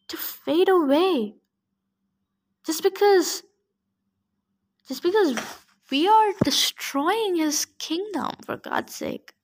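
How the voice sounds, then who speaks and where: A woman reading a novel aloud who stops to add heartfelt, emotional comments of her own. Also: very high voice. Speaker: reader.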